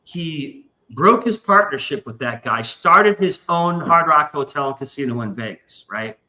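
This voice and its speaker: A man's voice: fairly high pitch, lively intonation, measured pace, pushed and bright, reverberant, low-quality recording. A man hosting a live stream, telling a story in a loose, profane way and acting out other people's lines. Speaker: podcast host. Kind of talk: casual storytelling chat.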